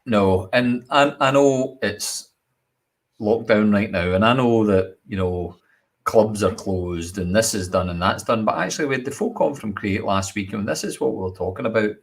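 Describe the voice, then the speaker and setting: A man's voice: on the low side, moderate pace. Chatty Scottish male show host. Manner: jokey, chatty, laughs often. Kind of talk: casual live chat show hosting.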